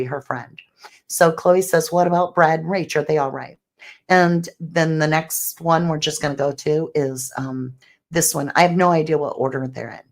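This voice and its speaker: A woman hosts true crime commentary in a low, unhurried voice. She reads out messages and poses speculative questions as she walks through the case. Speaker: true crime channel host.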